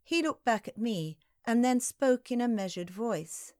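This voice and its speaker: A woman narrating a historical novel in the first person, in slow, measured storytelling. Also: fairly high pitch, lively intonation, darkish tone, no room sound, clean studio sound.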